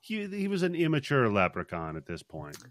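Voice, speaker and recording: A man's voice: medium pitch, wildly swooping pitch, a little fast, dry recording. A man co-hosting a crude comedic podcast who laughs often while recapping a movie plot. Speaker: podcast co-host.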